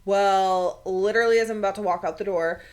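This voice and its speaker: A young adult woman co-hosting a podcast, telling an emotional story casually, swearing freely and quoting people in quick bursts. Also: mid-range voice, fairly even intonation, darkish tone. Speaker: podcast co-host.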